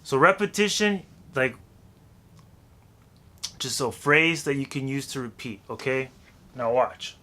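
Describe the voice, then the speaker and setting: A man's voice: mid-range voice, expressive, a little slow, pauses often, sharp tone. A man teaching how to rap in a loose, chatty way, counting beats aloud and scatting rhythms. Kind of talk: casual music lesson.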